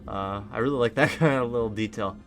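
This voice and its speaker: A man's voice: mid-range voice, fast talker, faint music behind. A man giving casual, rambling gameplay commentary with lots of fillers. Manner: rambling, chatty, many fillers. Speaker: let's play host.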